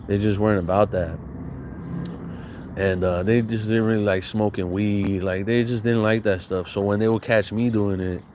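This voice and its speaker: A man from San Bernardino, Southern California, tells a loose, rambling story in a relaxed, conversational way, full of street slang and swearing and often restarting thoughts midway. His voice is lowish at a normal speed, on a rough recording with a little hiss or hum.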